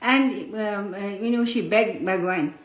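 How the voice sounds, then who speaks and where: A woman's voice: medium pitch, a little slow. A woman giving a spiritual discourse who explains patiently and tells stories, addressing her listeners fondly as children. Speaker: spiritual teacher. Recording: roomy echo.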